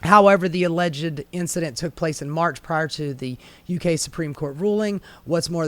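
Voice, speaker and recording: A man giving heated, sarcastic commentary on a news story, swearing freely and mocking the people involved. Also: a little high. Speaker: commentary host.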